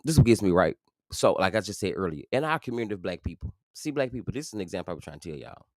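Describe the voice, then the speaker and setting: A man hosting a livestream, giving animated, preachy commentary straight to his viewers. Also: low-pitched, very fast, no room sound, studio quality. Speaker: livestream host.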